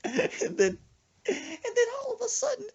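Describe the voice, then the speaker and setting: A man's voice: huge pitch swings, a little slow, vocal fry, muffled recording, heavily acted. A shrieking, panicky teenage boy. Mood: panicky whining. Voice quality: shrill falsetto wail. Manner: frantic, whiny, sobbing. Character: panicky timid teenage boy friend, squealing high.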